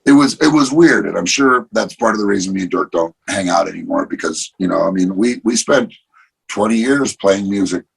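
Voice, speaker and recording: A man with a low, gravelly and deeply raspy voice, talking as a guest in a loose, casual chat. He tells stories with animation and swears freely. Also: expressive, a little fast, rough recording. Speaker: interview guest.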